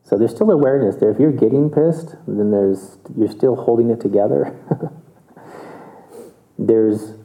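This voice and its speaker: A man's voice: mid-range voice, a little slow, pauses often, dark tone. A man giving a casual meditation talk, conversational and chuckling, often checking in with his listeners. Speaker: meditation teacher. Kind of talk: relaxed dharma talk. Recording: tinny phone-like audio.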